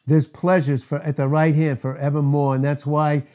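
A man's voice: a little high, little pitch movement, normal speed, mellow. A man preaching a sermon, emphatic and firing rhetorical questions at the congregation.

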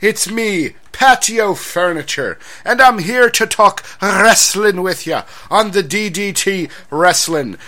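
A man putting on a high sing-song stage Irishman. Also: lively intonation, slow, hardly any pauses, sharp tone, heavily acted. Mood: jolly. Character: comic stereotyped Irishman named Patio Furniture, cheery.

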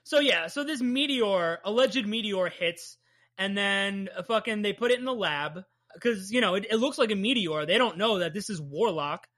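Bright-voiced, profane woman comic podcaster. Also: medium pitch, expressive, moderate pace. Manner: chatty, profane and enthusiastic. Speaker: comic book podcast host. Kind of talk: casual chat recapping a comic.

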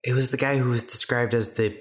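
A man's voice: mid-range voice, fairly even intonation, brisk, roomy sound. A man co-hosting a casual podcast chat, with a grumbling, sardonic way of talking. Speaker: podcast co-host.

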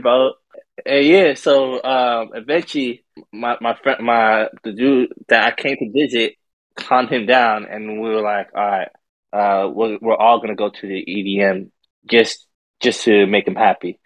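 A man's voice: fairly low pitch, fairly even intonation, moderate pace, no echo, poor audio. A young man telling a long, profane story to friends in a casual, rambling way, stumbling over and repeating words. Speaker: podcast storyteller.

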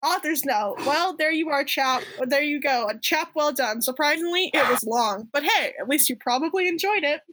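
A young woman co-hosting a comedy podcast, reading fan fiction aloud in a halting, giggly way. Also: sits high, expressive, a bit bright, a little hiss or hum, low-quality recording. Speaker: podcast co-host.

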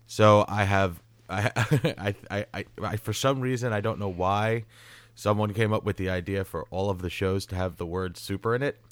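A man's voice: fairly low pitch, moderate pace, dry recording. A man hosts a casual podcast about television. He leans into a playfully mock-formal manner, and his voice sounds dry and close to the mic. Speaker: podcast host. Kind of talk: casual chat.

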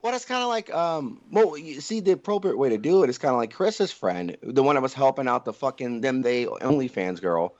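A man's voice: mid-range voice, very animated, a little fast, few pauses. Profane joking man, dull lo-fi sound. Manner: profane, joking, rambling storyteller. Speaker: podcast co-host. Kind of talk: crude casual banter.

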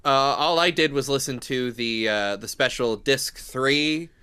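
A man's voice: mid-range voice, measured pace, sharp tone, clean tone. A man co-hosting a podcast, rambling casually and admitting he knows little. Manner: rambling, self-deprecating, easily amazed. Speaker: podcast co-host. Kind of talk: casual chat while watching a game.

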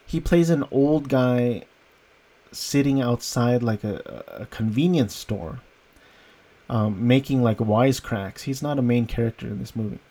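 A man's voice: medium pitch, mellow. A man giving a casual, rambling movie review, amused and often breaking into laughter. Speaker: film reviewer.

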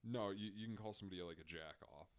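A man's voice: on the low side, quick pace, dry recording. A young man co-hosting a casual podcast chat among friends, joking and trading silly impressions. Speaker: podcast co-host.

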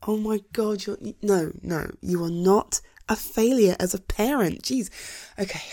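A woman's voice: medium pitch, unhurried, dark tone. A woman in a whispered role-play as a comforting partner, soothing and reassuring, often breaking into giggles.

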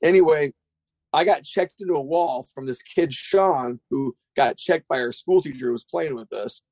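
A middle-aged man who runs a skate shop, chatting casually on a podcast, rambling and profane, with animated retellings. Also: on the high side, moderate pace, no echo.

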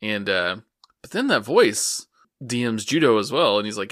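Low-voiced man with a sharp, dry sound. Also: normal speed, dry recording. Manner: steady plot summary with frequent "uh" fillers. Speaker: podcast co-host recapping an anime episode. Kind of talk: casual chat.

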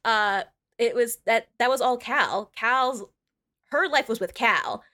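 A woman's voice: a little high, slow pace, pushed and bright. A woman co-hosting a podcast, casually recapping a story in a chatty manner full of swearing and "like". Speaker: podcast co-host.

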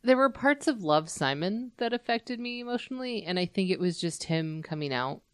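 A young woman co-hosting a casual podcast chat, relaxed and quick with agreeing "yeah"s. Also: medium pitch, clear, resonant tone, dry recording, studio quality. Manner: relaxed, frequent "yeah" backchannels. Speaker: podcast co-host.

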